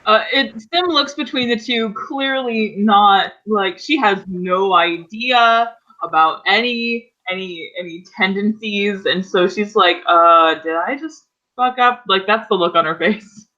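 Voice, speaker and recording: A player talking through their character's moves in a loose, rambling way, full of fillers. The voice comes across bright and forceful, but the call audio is dull and lo-fi. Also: medium pitch, unhurried, few pauses. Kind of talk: casual role-play narration. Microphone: online voice call.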